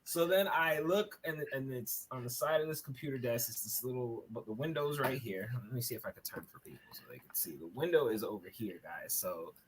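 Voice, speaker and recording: A man with a New York accent, a podcast guest telling a story from his bedroom over a webcam, animated and swearing, laughing as he goes. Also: mid-range voice, brisk, few pauses, a little hiss or hum. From Brooklyn, New York. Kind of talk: casual podcast chat, storytelling. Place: bedroom at home.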